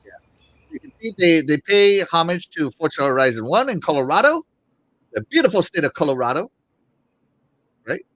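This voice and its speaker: Male gaming podcast host, excitable and jokey, bouncy delivery, dry close sound. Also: on the high side, moderate pace, pauses often, no room sound. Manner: excitable, jokey, trails off quietly. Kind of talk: casual gaming talk show.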